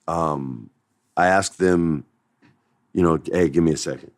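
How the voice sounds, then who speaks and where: A man's voice: a bass voice, a little slow, no room sound, clean studio sound. A middle-aged man hosting a podcast, telling a personal story with emotion and getting choked up at times. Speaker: podcast host.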